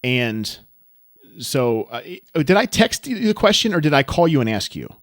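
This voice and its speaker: A man co-hosting a podcast, telling a story in a casual, rambling, self-deprecating way that turns animated. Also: medium pitch, moderate pace, no echo, studio quality. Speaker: podcast co-host.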